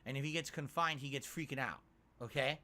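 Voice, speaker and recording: Speaking a little fast in a mid-range voice, a man livestreams from his home office with a desk mic. He reads tips from chat aloud and slips into animated, exasperated rants.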